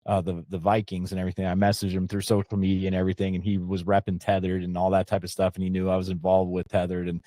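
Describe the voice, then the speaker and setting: A middle-aged man hosts a podcast in a relaxed, rambling way, circling back and restarting as he tells a story. His voice sits low and sounds warm and mellow. The recording is dry and close. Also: fast talker, hardly any pauses, no echo. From Pennsylvania. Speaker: podcast host. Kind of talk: casual podcast chat.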